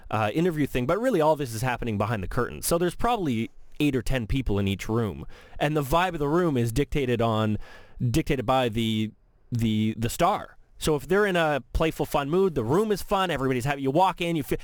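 A man hosting a casual chat, quick and chatty, cheering on his guest. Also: mid-range voice, expressive, no echo.

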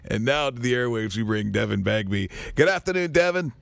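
A man's voice: mid-range voice, fairly quick, gravelly, no echo. A male radio host who interviews a guest in an eager, rambling way, with many restarts. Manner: enthusiastic, rambling, lots of restarts.

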